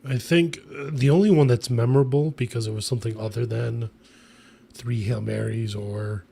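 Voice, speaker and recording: Gravelly-voiced man, measured and dry. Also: mid-range voice, fairly even intonation, dark tone. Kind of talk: casual panel chat.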